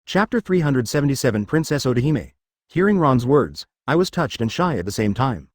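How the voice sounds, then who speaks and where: A man's synthetic voice narrating a fan fiction story in a steady machine read. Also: mid-range voice, fairly quick, no room sound, studio quality.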